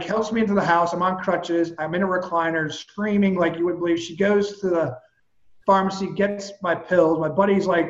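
A man's voice: on the high side, reverberant, lo-fi sound. A man, a personal trainer, animatedly recounting a personal story in casual talk and swearing now and then. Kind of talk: casual storytelling in a podcast chat.

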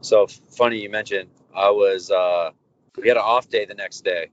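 Low-voiced man telling his story candidly. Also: normal speed. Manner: animated, candid storyteller acting out quoted dialogue. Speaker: professional baseball pitcher, guest. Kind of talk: casual storytelling interview. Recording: dull lo-fi audio with faint background noise.

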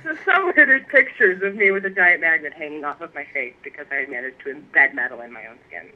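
A woman guest telling stories in a casual interview, animated and laughing often. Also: low-pitched, fast talker. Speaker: guest, pipe maker. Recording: tinny phone line.

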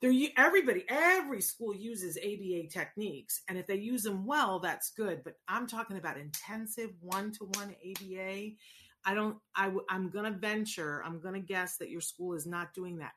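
A woman's voice: medium pitch, moderate pace, pushed and bright, a little hiss or hum. A middle-aged woman hosting a casual advice talk, answering viewers in an earnest, encouraging way with frequent rhetorical asides. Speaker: host answering viewer questions.

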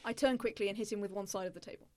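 A woman's voice: medium pitch, fairly even intonation, racing, a crowd in the background. A woman playing a tabletop game, eager and laughing as she describes her moves. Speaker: player. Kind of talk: tabletop role-play banter.

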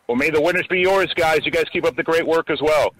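A man who works as a college basketball radio announcer, with a smooth, polished voice and an upbeat manner, speaking as a guest. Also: fairly high pitch, fast talker, a bit bright, low-quality recording. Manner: upbeat, polished broadcaster delivery. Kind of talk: casual call-in chat.

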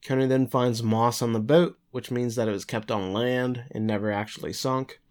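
A man's voice: medium pitch, steady tone, normal speed, a little mellow. A man co-hosting a podcast, giving a loose, chatty recap of an episode over a remote call. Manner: chatty, loose, with filler words. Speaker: podcast co-host. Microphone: remote call mic.

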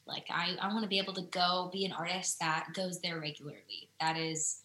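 A woman's voice: lowish voice, steady tone, sharp tone, reverberant, a little hiss or hum, poor audio. A woman from the American Midwest with a Midwestern accent, a guest artist chatting casually, upbeat and full of "like". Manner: upbeat, fast, lots of "like" and laughs. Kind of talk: casual chat on a live stream.

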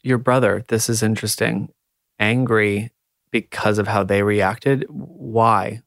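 A man hosting an interview, asking thoughtful questions and pausing to search for words. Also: fairly low pitch, steady tone, vocal fry, fairly bright tone, dry recording, clean studio sound. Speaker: podcast host.

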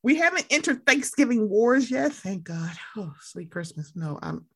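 A young woman co-hosting a casual chat, animated and swearing, acting out other people in loud high voices. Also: normal speed, slightly rough. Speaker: podcast co-host.

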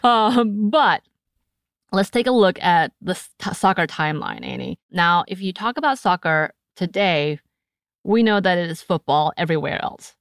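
American woman cohosting a podcast, chatty, laughs a lot, lowish voice, dead dry mic. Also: normal speed, gravelly, no echo. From United States. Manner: chatty and animated, often laughing, breaks into put-on voices. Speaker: podcast co-host. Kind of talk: casual chat.

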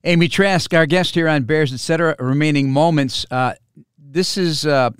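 Man hosting a podcast, very clear voice. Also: a little high, dry recording, clean studio sound. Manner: measured broadcaster delivery with frequent "uh" fillers. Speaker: sports broadcaster and podcast host. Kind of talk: podcast interview.

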